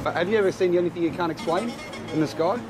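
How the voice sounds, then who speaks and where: An Australian man rambling through a mock street interview, stumbling over ums and restarts while he talks fast. Loud music runs underneath his voice. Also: sits high. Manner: rambling, full of ums, laughs at own jokes. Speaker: sketch show host playing an interviewer.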